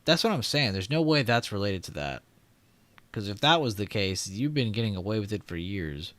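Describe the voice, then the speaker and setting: Hosting a trading livestream, this young man talks casually, reads out the chat, and laughs frequently. His voice is on the low side, expressive and a bit bright, at a normal pace with no room sound.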